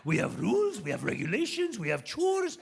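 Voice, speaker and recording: A man's voice: sits high, huge pitch swings, fairly quick, creaky, slightly rough, exaggerated voice. A man voicing a small, formal older house manager with a Persian accent who lists rules stiffly.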